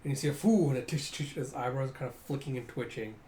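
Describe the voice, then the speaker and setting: A man's voice: mid-range voice, quick pace, mellow, a little hiss or hum. A man casually reading through a comic and describing the panels. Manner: casual, narrates panels, reads lines aloud. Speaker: comic readthrough host.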